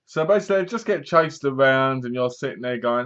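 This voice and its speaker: A man's voice: mid-range voice, expressive, a little fast, fairly bright tone, smooth. A man casually reviewing a horror film, retelling it in a rambling, chatty way with asides. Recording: dull lo-fi recording.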